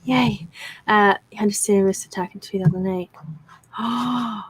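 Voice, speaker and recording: A woman's voice: mid-range voice, steady tone, a little slow, breathy edge, dry recording, poor audio. A woman, chatting casually on a live stream and reading out viewer comments.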